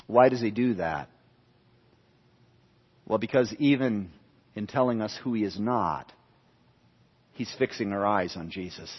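A man's voice: on the low side, a little slow, long pauses, husky. A man preaching an expository sermon, emphatic, repeating key phrases for stress. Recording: dull lo-fi sound with long hall reverb.

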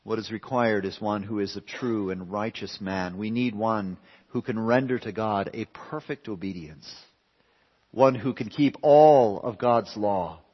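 A man pastor preaching a sermon with emphatic swings between raised and hushed lines. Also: fairly low pitch, measured pace. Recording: reverberant hall, dull lo-fi sound.

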